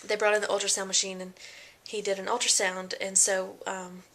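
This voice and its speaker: A woman's voice: mid-range voice, level tone, brisk, a bit bright. A young woman talking casually in a pregnancy vlog, chatty and full of fillers, often acting out what people said. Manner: chatty, many fillers and quoted voices. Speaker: vlogger.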